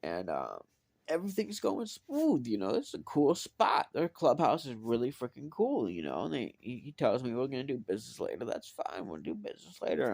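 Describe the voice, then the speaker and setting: Man vlogger, gravelly and lively, cursing storyteller, dry close sound. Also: mid-range voice, dry recording. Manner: profane, animated, lots of fillers. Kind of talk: casual storytelling.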